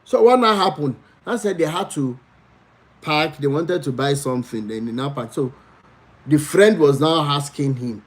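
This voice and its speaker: A Nigerian man hosting a live stream, telling a personal story with big pitch swings and pleading with viewers to follow one another. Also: animated, unhurried. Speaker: livestream host.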